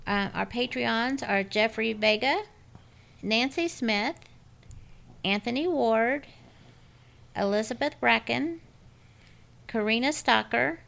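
A woman's voice: a little high, takes it slowly, creaky, long pauses, a bit bright. A woman with a scratchy voice, co-hosting a podcast in casual, rambling chat. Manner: rambling, self-interrupting. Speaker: podcast co-host.

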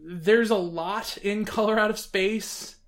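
A man hosting a casual chat about films, talking in an animated, rambling way with frequent restarts. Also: high voice, slow. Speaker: podcast host reviewing films.

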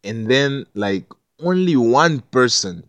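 A man's voice: mid-range voice, expressive, takes it slowly, fairly bright tone, no room sound. A man telling a personal story in a loose, rambling way, full of fillers and restarts. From not Jamaica. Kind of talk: casual storytelling.

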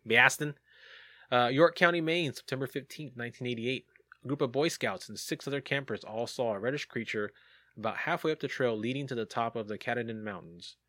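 A man's voice: medium pitch, fairly quick, sharp tone, no room sound. A man hosting a casual podcast, reading sighting reports aloud and joking about them. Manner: jokey, reads reports aloud with asides.

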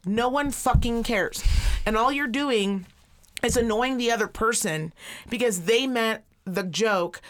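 A woman's voice: a little high, measured pace. Woman, podcast co-host, casual chat, blunt, profane, storytelling.

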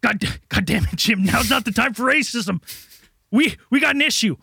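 A man's voice: extremely high pitch, animated, normal speed, gravelly, sharp tone, breathy edge, dry recording, studio quality, full character voice. A man voicing a frantic, blustering American commander who swears constantly in a comedy sketch.

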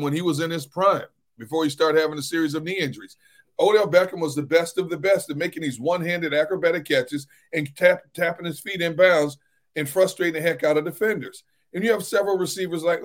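A man with a slightly raised pitch breaks down football receivers on a sports talk show. He talks emphatically, leaning on repetition and "you know" fillers is noticeable. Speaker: sports radio co-host.

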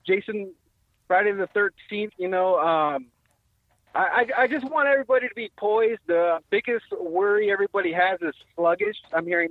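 A man's voice: high voice, lively intonation, normal speed, no room sound. A man calling in to a sports radio show, hyped and trash-talking as a fan. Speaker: caller. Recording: dry, tinny phone line.

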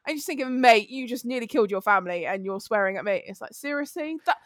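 A woman tells a road story in lively casual chat, swearing freely. Her voice sits a little high. The sound is dry and close. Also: fast, dry recording. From England.

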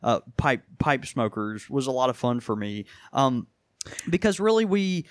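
A man's voice: medium pitch, big pitch swings, unhurried, dry recording, clean studio sound. A man co-hosting a podcast from a small pipe shop, chatting in a rambling way with many restarts. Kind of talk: casual chat.

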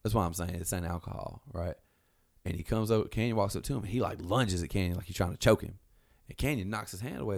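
Deep gravelly dude telling a bar fight story, cussing, doing everyone's voices. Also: male voice, fast. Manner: animated, swearing, acts out quotes in raised voices. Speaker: storyteller guest. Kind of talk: casual storytelling.

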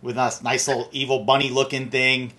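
Bright-voiced middle-aged male host. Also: medium pitch, level tone. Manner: teasing, quick to joke with the guest. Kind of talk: casual chat.

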